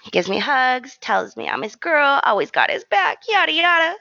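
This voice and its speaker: A young adult woman co-hosting a podcast, telling a story in an animated, slangy, self-mocking way. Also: sits high, moderate pace, gravelly, no room sound, dull audio. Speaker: podcast co-host. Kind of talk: casual storytelling chat.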